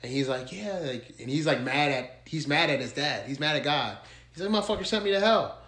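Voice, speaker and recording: A man's voice: medium pitch, pushed and bright, echoey room. A man in casual chat, talking loosely with lots of "like" and free swearing. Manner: fast, loose talk full of "like", swears freely.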